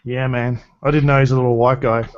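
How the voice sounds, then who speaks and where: A man's voice: mid-range voice, flat delivery, fairly quick, clear, resonant tone. A man chatting casually in an online hangout, laughing often and swearing freely. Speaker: hangout guest. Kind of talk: casual group chat. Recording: dull lo-fi online call audio.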